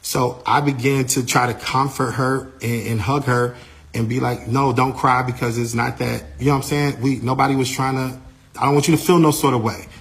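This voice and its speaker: A man, an artist's manager, recounting a backstage incident in a lively, casual way, repeating himself and using slang. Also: mid-range voice, fairly quick. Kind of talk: animated storytelling.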